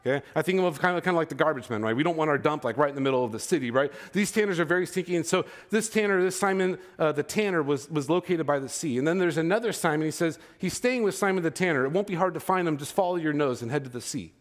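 A man's voice: a little high, animated, quick pace, few pauses. A man in his thirties preaching a sermon as pastor, in a casual, conversational way that keeps checking in with his listeners. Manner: conversational, checks in with "okay?" and "right?".

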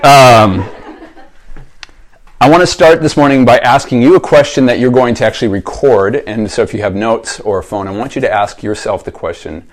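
A man's voice: mid-range voice, brisk, hardly any pauses. A male pastor preaching a sermon in a conversational, storytelling way, putting reflective questions to his congregation.

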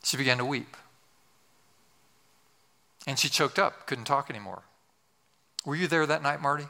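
A man's voice: mid-range voice, normal speed, vocal fry, pushed and bright, long reverb tail. An older male pastor telling a story in a sermon, with humorous, self-deprecating asides.

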